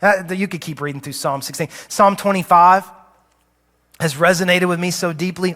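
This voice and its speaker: A man's voice: high voice, fairly even intonation, moderate pace, a bit bright. A man preaching a sermon as pastor, earnest and confessional, often restarting his sentences. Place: church sanctuary. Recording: long hall reverb.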